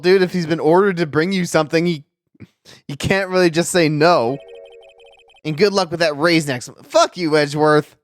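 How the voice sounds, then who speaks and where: A man's voice: fairly high pitch, moderate pace, dry recording, soft background music. A man streaming a video game, casually joking and reacting aloud. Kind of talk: game let's play commentary.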